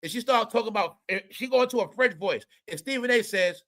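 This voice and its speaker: Forceful, profane male commentary host. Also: sits high, animated, fast talker, few pauses. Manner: profane, emphatic, talks straight to viewers. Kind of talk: ranting entertainment commentary.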